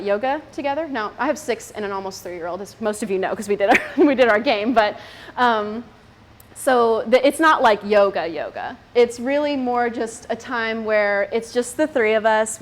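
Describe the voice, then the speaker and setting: A woman in her thirties giving a chatty talk to a group of mothers, laughing often and using many fillers. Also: medium pitch. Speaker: speaker at a moms' group. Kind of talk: casual talk to an audience.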